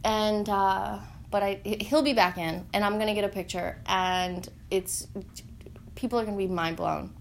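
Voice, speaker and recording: A woman in an earnest, heartfelt spiritual monologue, halting and searching for words with many fillers. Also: mid-range voice, steady tone, creaky, slight background noise.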